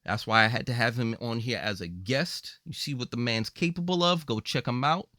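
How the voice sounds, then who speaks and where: A man's voice: mid-range voice, moderate pace, dry recording, clean studio sound. A man hosting a casual gaming podcast, joking with his guests and rattling off where to find the show. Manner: relaxed, joking, rattles off plugs. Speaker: podcast host. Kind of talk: casual chat.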